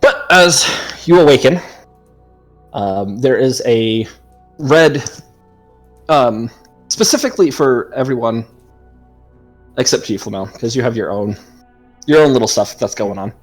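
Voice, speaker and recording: A man narrating a tabletop game as game master, describing scenes in a relaxed way with frequent ums. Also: medium pitch, measured pace, long pauses, faint music behind.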